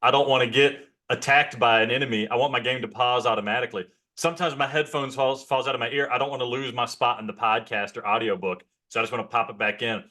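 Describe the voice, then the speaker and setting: A man's voice: mid-range voice, fairly even intonation, fast talker, few pauses, pushed and bright. A man hosting a casual podcast over a call, opening with playful hype and teasing his co-host. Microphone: remote call mic.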